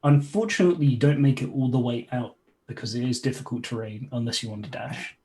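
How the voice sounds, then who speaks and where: A man's voice: medium pitch, fast talker. Easygoing man running a tabletop game. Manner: relaxed, chatty, cursing mildly at stream problems. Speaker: game master.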